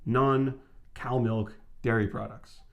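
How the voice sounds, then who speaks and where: A man in his thirties co-hosting a casual vlog chat, talking in a brisk, emphatic and opinionated way. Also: medium pitch, steady tone, creaky, lo-fi sound. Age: 30s. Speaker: vlog co-host.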